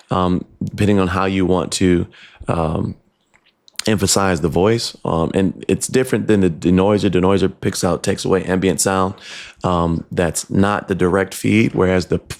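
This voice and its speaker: A man's voice: sits low, vocal fry. A man casually walking through a product demo in his home studio, explaining settings with frequent ums and restarts. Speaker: tech reviewer. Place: home studio with computer fans nearby. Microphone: dynamic USB/XLR desk mic, switching to camera shotgun mic.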